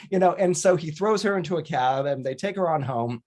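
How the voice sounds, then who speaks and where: A man hosting an astrology podcast tells a story in a loose, conversational way. He rambles and restarts his sentences, filling pauses with small hesitations, and now and then slips into quick character voices. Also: a little high, a little mellow. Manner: chatty, digressive, with frequent fillers and restarts; briefly mimics characters in exaggerated voices.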